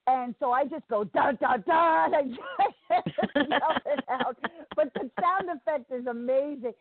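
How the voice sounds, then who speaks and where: Guest: New York woman, rambling and chatty, slightly high voice, thin dry phone sound. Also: unhurried. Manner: chatty, rambling, laughs easily. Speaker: guest, singer. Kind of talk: casual interview. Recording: tinny phone-like line, dry.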